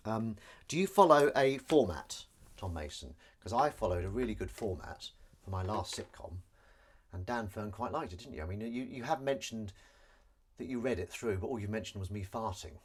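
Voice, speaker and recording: A man's voice: lowish voice, lively intonation, moderate pace. A young man from England, chatting casually on a live stream from his kitchen and joking as he reads out viewer comments. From northern England. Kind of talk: casual live stream chat while washing up. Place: home kitchen, indoors.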